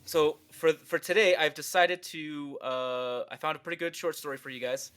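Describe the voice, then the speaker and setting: A man's voice: on the high side, fairly even intonation, normal speed, fairly bright tone, clear, resonant tone. A man with a nasal voice hosting a casual podcast chat, joking and swearing freely, then reading a short story aloud to his friends.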